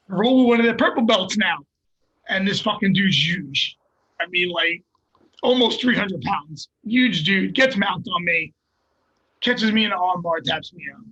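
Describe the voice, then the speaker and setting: A jiu-jitsu coach and guest, a man telling animated, profane stories in casual podcast chat. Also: extremely high pitch, moderate pace, husky, rough recording.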